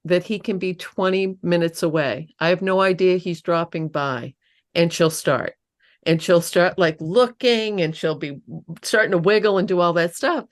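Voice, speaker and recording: A woman's voice: fairly low pitch, moderate pace. A woman host asking a guest questions in a rambling, searching way. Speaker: podcast host. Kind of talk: conversational interview.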